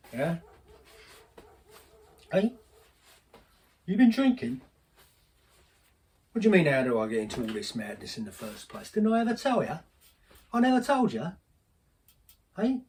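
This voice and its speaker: A man's voice: high-pitched, darkish tone, far from the mic. An actor playing a middle-aged, bitter former henchman who rambles on in sardonic, confiding asides. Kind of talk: audio drama monologue.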